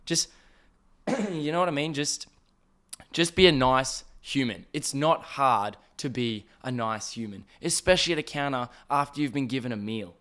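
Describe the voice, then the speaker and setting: A young man hosting a solo podcast, telling a story in an animated, profane, ranting way. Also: medium pitch, normal speed. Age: young adult. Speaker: podcast host.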